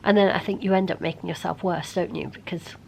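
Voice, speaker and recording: Brief: middle-aged woman vlogger, sick and hoarse, gravelly low voice, tired half-whisper, faint noise behind. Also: fairly even intonation, fast, darkish tone, low-quality recording. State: ill, congested and hoarse. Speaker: beauty vlogger. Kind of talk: casual vlog chat to camera.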